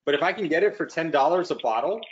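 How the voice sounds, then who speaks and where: A man's voice: on the high side, animated, quick pace, background noise. A man chatting casually while cooking, rambling with many fillers and restarts. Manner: rambling, lots of likes and restarts. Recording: dull lo-fi call audio.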